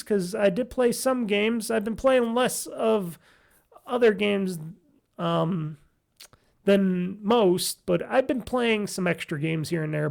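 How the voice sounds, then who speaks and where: This high, slightly mellow male voice belongs to a man hosting a casual solo gaming podcast. He rambles, full of fillers and restarts. His voice sounds nasal, gravelly, stuffy and tired.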